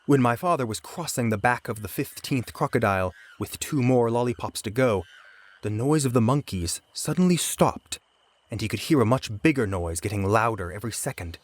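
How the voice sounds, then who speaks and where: A man reading a children's book aloud in a calm, measured storytelling voice. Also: mid-range voice. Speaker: audiobook narrator. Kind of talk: storybook read-aloud narration. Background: soft background music.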